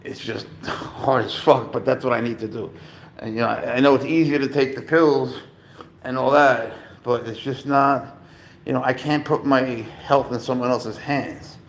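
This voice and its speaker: A man chatting casually to viewers at home as a cat-owning vlogger, rambling and profane with sudden loud exclamations. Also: medium pitch, fairly even intonation, moderate pace.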